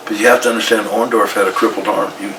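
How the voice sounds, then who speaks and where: A deep-voiced man recounts an old backstage fight in blunt, profane detail and voices each side of the argument. He sounds a little far from the mic in an echoey room with a faint hiss underneath. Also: steady tone, fast. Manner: blunt, profane, retells arguments in quoted dialogue. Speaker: retired pro wrestler guest. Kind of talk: candid storytelling interview. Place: indoor room with a coffee maker.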